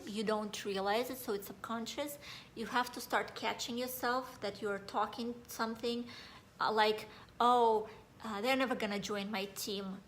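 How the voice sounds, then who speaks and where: A woman's voice: on the high side, fairly bright tone, slight background noise. Earnest woman. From Russia. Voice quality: slightly nasal. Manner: earnest, rambling, many fillers and restarts. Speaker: mindset coach. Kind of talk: casual motivational talk.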